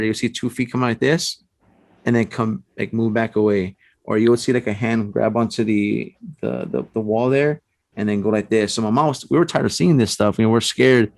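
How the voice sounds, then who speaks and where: A man's voice: medium pitch, no echo. A man, a guest on a podcast, casually telling a long personal story, rambling with many fillers like "you know" and "like". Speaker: podcast guest, paranormal investigator.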